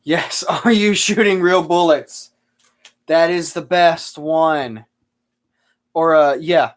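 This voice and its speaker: On a live stream, a man with a slightly high voice chats casually at a slow pace, answering viewer questions and spinning rambling, sarcastic stories.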